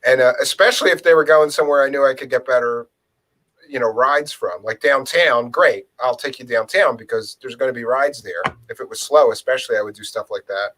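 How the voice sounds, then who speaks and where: A man's voice: mid-range voice, brisk, rough recording. A man from around Philadelphia telling stories in casual chat, acting out the lines he quotes. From Philadelphia area. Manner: storytelling, animated, acts out quoted lines. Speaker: co-host.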